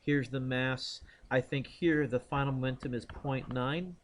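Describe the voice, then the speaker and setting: A man's voice: medium pitch, steady tone, measured pace, slight background noise. Man thinking aloud through physics problems. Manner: thinks aloud, quizzes students by name. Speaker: physics teacher. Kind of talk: classroom lecture working problems aloud. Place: classroom.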